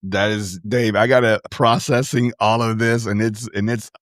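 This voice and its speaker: A man hosting a podcast over a video call, answering with quick, enthusiastic affirmations. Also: lowish voice, little pitch movement, no echo, studio quality. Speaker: podcast host. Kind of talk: casual conversation.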